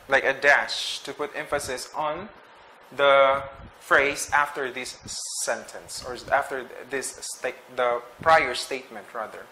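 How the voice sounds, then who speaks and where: A man's voice: a little high, pushed and bright, slight background noise, low-quality recording. A man teaching a grammar lesson, explaining patiently, often checking in with "okay?" and correcting himself mid-phrase. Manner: explains slowly, checks with frequent "okay?", restarts and self-corrects. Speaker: English teacher.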